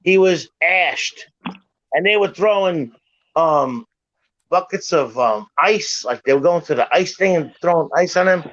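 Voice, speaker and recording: A man's voice: fairly high pitch, lively intonation, measured pace, fairly bright tone. A middle-aged man telling a story in casual chat, emphatic and profane, insisting again and again that it is true. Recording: dull lo-fi sound, dry.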